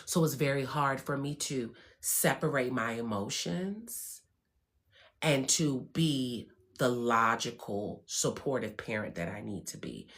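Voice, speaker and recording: Slow and bass-voiced, a woman hosting her own spiritual wellness show delivers frank, profanity-laced motivation, alternating quiet calm with loud, forceful outbursts.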